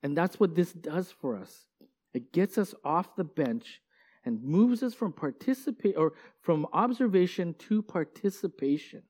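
A man preaching a sermon in a loose, conversational way, pausing often on "like" as he tells an earnest story. His voice sits a little on the higher side for a man. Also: lively intonation, darkish tone. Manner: casual, frequent "like" fillers, earnest storytelling. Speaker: pastor.

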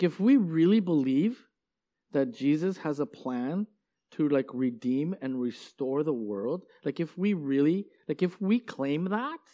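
Man, pastor, casual sermon, earnest, chatty storytelling, slightly high voice. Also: dark tone, muffled recording. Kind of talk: conversational sermon.

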